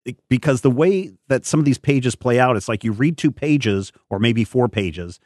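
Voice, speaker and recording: A man's voice: mid-range voice, lively intonation, normal speed, a little mellow, no echo, studio quality. A man hosting a podcast in casual talk, rambling and thinking aloud with many fillers. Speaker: podcast host.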